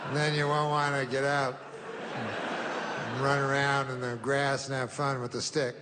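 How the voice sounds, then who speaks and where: A man doing stand-up comedy, with a deadpan, rambling delivery. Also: medium pitch, a little slow. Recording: reverberant club hall, faint noise.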